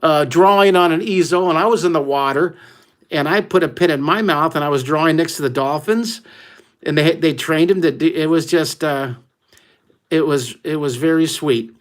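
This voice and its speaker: A middle-aged American man leading a live online drawing lesson for kids, telling stories with excited whoops. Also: fairly high pitch, moderate pace. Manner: exuberant, exclamatory storyteller who whoops often. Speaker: art teacher hosting a live drawing class.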